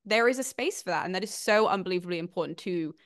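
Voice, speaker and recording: A woman hosting a history podcast, chatting casually, eager and quick to agree. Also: fairly low pitch, lively intonation, fairly bright tone. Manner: eager, agreeing and laughing along. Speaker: podcast host and history YouTuber. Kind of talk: casual interview chat.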